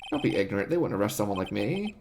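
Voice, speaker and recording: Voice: sits low, very animated, rapid-fire, creaky, background noise, voice pushed down, full character voice. A streamer voicing a flamboyant, vain male circus magician from a video game, boastful and showy. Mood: haughty. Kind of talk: reading game dialogue aloud.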